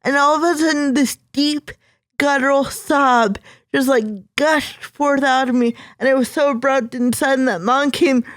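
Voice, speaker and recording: A woman's voice: high voice, fairly even intonation, moderate pace, no echo. A young woman, a podcast guest, telling a personal story with earnest emotion. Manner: earnest, emotional, acts out her younger self.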